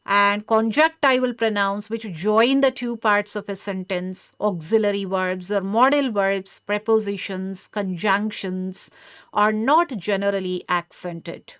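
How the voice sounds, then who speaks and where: A woman delivers a scripted pronunciation lecture in a measured, explanatory way. Her voice is smooth and crisp, recorded close with a dry sound and no room echo. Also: mid-range voice, fairly bright tone.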